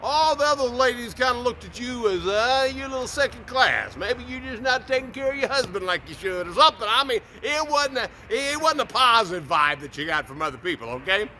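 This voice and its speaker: A man hosting a morning devotional talk in an upbeat, folksy way. His voice sits high and bright, and he often doubles words as he speaks. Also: sing-song, a little fast, few pauses, a little hiss or hum. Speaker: preacher, motivational host.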